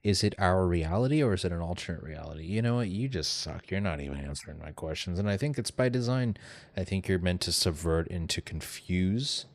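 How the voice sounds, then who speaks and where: Blunt, very deep-voiced man. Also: animated, a little fast. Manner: blunt, impatient, demanding. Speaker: vlogger testing AI. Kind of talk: casual chat.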